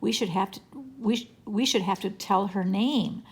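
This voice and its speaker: A woman's voice: medium pitch, moderate pace, slightly rough, natural voice. A woman reading aloud and voicing a responsible older brother, plain and serious. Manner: steady, serious.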